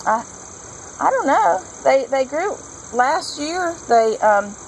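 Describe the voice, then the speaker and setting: A woman's voice: sits high, lively intonation, slow, vocal fry, slight background noise, poor audio. A woman vlogger chatting casually and enthusiastically while she works on a patio garden, rambling from one thought to the next. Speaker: homesteading vlogger.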